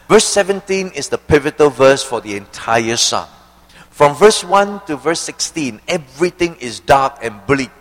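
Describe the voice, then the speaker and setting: A male preacher giving an expository sermon, asking rhetorical questions and slowing down to stress key phrases. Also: mid-range voice, a bit bright, long reverb tail, poor audio.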